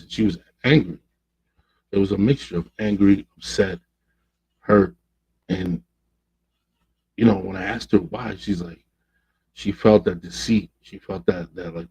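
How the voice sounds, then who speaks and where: A man's voice: low voice, measured pace, gravelly, pauses often, slightly rough, rough recording. A man hosting a podcast, telling a story in a casual, slangy way and acting out the people he quotes. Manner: animated, slangy, acts out quoted voices. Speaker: podcast host.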